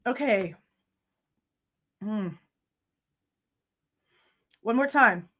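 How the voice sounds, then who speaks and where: A woman's voice: medium pitch, lively intonation, extremely slow, a bit bright. A young woman reacting live to true crime footage on a stream, casual and swearing often while she talks to her chat.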